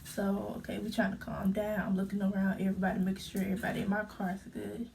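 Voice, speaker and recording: A young woman tells her story in a casual vlog, her voice gravelly with vocal fry. She talks in halting bursts full of fillers and sounds close to tears. The mic sits a little away from her, with a faint room hum behind. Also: medium pitch, monotone, a little mellow, recorded from a distance. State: holding back tears. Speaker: vlogger.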